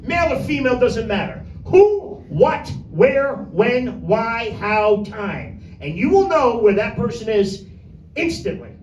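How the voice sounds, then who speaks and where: A man's voice: very high-pitched, very animated, takes it slowly, darkish tone, a little hiss or hum. Brash, vulgar male stand-up in an echoey room. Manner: brash, vulgar, rambling with crowd asides. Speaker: stand-up comedian. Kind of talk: crude stand-up set. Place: small comedy room with few people. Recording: echoey room, mic from a distance.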